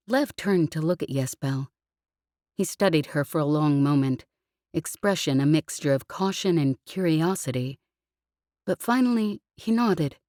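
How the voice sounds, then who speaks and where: A woman narrating a science fiction audiobook with an even, expressive reading. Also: low-pitched, unhurried, no echo, clean studio sound. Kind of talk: scripted narration.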